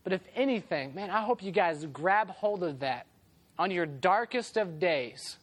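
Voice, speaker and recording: A man's voice: high-pitched, unhurried. A young man preaching to a youth group in a casual storytelling way, laughing often and acting out the people in his story. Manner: animated, laughing, acts out the voices in his story.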